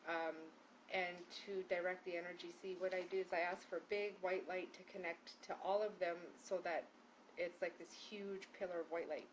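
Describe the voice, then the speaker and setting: A woman's voice: fairly low pitch, fairly even intonation, normal speed, muffled recording, a little hiss or hum. A woman healer teaching a group how to set up a prayer ceremony, in a casual, rambling way with many fillers and restarts, from a room hung with prayer ties. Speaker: spiritual healer leading a group prayer session. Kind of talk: casual spoken instruction.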